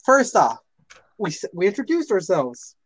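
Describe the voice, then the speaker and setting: High-voiced young man rambling on a call. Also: huge pitch swings, moderate pace, no room sound. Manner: stumbling, rambling, laughing often. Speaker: podcast co-host. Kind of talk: casual chat. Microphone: online voice call.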